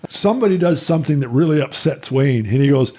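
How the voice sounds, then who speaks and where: A man with a husky, fairly high voice hosts a casual podcast film discussion. He speaks with a wry, gently teasing tone. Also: lively intonation, fast talker. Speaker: podcast host.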